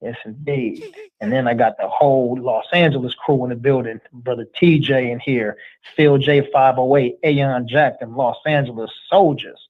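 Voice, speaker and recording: A man hosting a livestream in a casual chat, reading out viewer shout-outs in relaxed street slang. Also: medium pitch, moderate pace. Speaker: livestream host. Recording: tinny phone-like sound.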